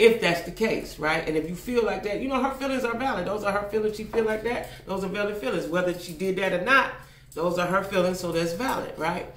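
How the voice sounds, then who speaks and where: An older woman giving blunt, profane commentary in a casual vlog, repeating herself for emphasis. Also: lowish voice. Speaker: vlogger. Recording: echoey room.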